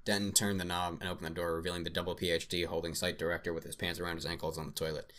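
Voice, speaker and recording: A man's voice: low voice, level tone, rapid-fire, few pauses, a bit bright. A man hosting a podcast, reading a story aloud and chatting casually, swearing and laughing easily. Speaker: podcast host.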